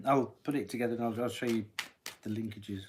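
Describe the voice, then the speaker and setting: A man's voice: mid-range voice, a little fast, noisy background. Man musing aloud over tarot cards. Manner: musing aloud while drawing cards, frequent throat-clearing. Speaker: tarot reader. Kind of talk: live-stream tarot reading.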